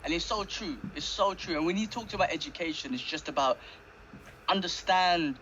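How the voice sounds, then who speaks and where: A man's voice: a little high, normal speed, sharp tone, muffled recording, slight background noise. Enthusiastic man rambling on a podcast. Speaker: podcast co-host. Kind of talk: casual podcast chat.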